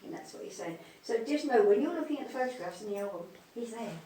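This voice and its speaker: A woman's voice: on the high side, animated, quick pace, warm tone. A woman works as a medium in front of a live audience, speaking in a tender way and calling people darling and sweetheart. Her mid-range voice rings around a hall from some distance away from the mic, with a faint hiss behind it. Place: spiritualist church hall.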